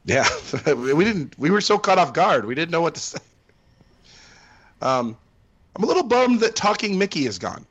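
A man's voice: a little high, very animated, normal speed, pauses often, a bit bright, slightly rough. A man co-hosting a casual podcast chat, rambling with lots of fillers and restarts. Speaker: podcast co-host.

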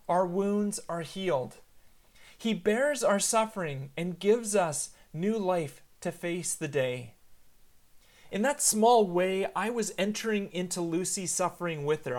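With a high voice, a man in his thirties preaches as a pastor. He tells his sermon earnestly as a story, slowing down to emphasize points.

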